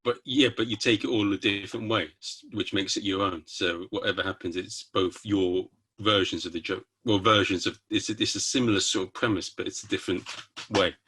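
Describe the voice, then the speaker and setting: A man's voice: on the low side, steady tone, brisk, pushed and bright, breathy edge. A man hosting a podcast interview, asking short questions with joking asides. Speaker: podcast host.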